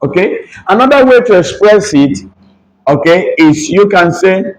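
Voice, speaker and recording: Guy teaching spanish greetings, talks slow, voice jumps all over, repeats stuff a lot. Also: sits high, animated, rough recording. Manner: slow, repetitive, switches between Spanish and English phrases. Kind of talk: video language lesson.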